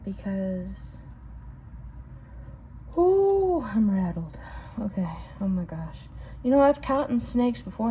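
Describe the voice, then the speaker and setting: A young woman vlogging casually outdoors, rambling and excitable, swearing casually and calling her viewers bro. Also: mid-range voice, slight background noise. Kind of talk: casual vlog talk to viewers. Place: outdoors at home.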